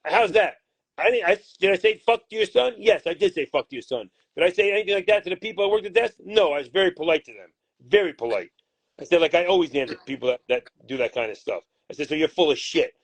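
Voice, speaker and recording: A man's voice: high voice, fast talker, no room sound. Blunt, profane man in a heated interview. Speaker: boxing manager.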